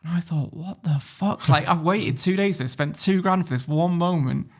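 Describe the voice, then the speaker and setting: A man from Warrington with a northern English accent, telling stories as a podcast guest in a casual, animated way, swearing freely. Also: fairly high pitch, moderate pace. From Warrington, England. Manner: animated storyteller, swears freely, laughs often. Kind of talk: casual interview storytelling.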